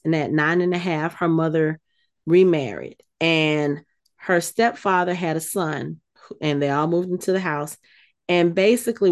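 A woman co-hosting a casual chat, retelling a scene with lively, acted-out quotes. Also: on the low side. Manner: animated storytelling, acts out quotes. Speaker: podcast co-host recapping a TV episode.

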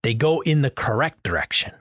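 Methodical male GM, even mid-range voice, dry recording. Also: medium pitch, a little fast, no room sound. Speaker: game master. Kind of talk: casual chat about running tabletop games.

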